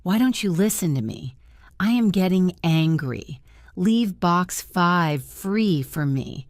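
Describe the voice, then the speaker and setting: A menacing male ghost of the opera, demanding and threatening, as a woman reads his letter in a storybook. The voice is low and dry. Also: expressive, slow, no echo.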